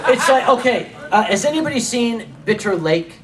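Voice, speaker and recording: Lively high-voiced man cracking jokes. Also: moderate pace, a crowd in the background. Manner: animated, profane, jokes and interjects. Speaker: panel host. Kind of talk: casual comedic banter.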